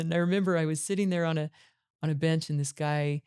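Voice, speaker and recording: A woman's voice: deep voice, steady tone, fast, dark tone, clean tone. A middle-aged woman hosting a podcast, telling her own life story in an earnest, reflective monologue. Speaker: podcast host.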